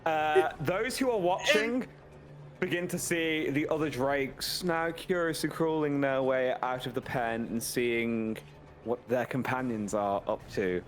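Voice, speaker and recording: A man narrating a tabletop game as game master in an animated, playful way. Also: medium pitch, measured pace, a little hiss or hum.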